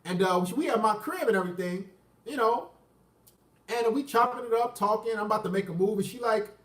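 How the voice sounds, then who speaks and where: Man, high-pitched, profane boastful storyteller, restarts a lot; echoey room, mic set back. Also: brisk, a bit bright, far from the mic. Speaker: vlogger telling a personal story. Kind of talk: casual storytelling.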